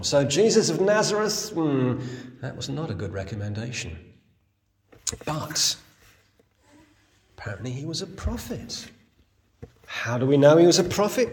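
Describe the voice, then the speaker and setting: A man preaching a sermon. He tells the story in an animated voice that rises and falls widely, and he keeps asking his listeners questions. His pitch sits in an ordinary middle range. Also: in a large hall. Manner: lively, storytelling, rhetorical questions. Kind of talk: sermon, Bible exposition.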